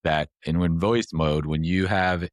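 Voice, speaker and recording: Brief: male podcast host, extremely deep voice, rambling casual explainer, dry close sound. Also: fairly even intonation, a little slow, dry recording. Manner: rambling, explains step by step with fillers.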